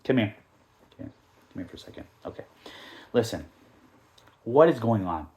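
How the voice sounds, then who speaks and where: Canadian man, podcast host, fast rambling football rants, profane and jokey. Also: lowish voice. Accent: Canadian English. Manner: animated, joking, profane, rambling ranting. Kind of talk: casual football podcast rant.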